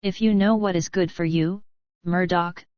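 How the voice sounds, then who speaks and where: A woman's voice: lowish voice, fairly even intonation, measured pace, smooth, dry recording, highs cut off, lightly acted. A woman reading the part of Kurt, a scornful young foreign man who whispers urgent warnings, in an audiobook.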